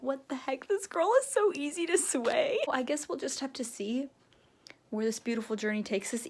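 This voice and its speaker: A young woman vlogging her reactions to a book series, talking dramatically and gushing or ranting in casual chat. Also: a little high. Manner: animated and dramatic, gushing and ranting about characters. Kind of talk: casual reading-reaction vlog.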